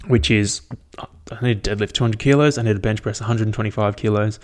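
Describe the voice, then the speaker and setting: A man's voice: on the low side, fairly even intonation, fast, a little mellow. A young man casually recapping his training, rambling and swearing freely in an upbeat way. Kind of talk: casual chat.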